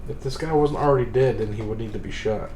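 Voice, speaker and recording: A man's voice: on the low side, quick pace, a little mellow. A man in a casual book club chat, retelling scenes in a rambling, profane, exasperated way. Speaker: streamer reviewing a book. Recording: roomy sound with faint ambient noise.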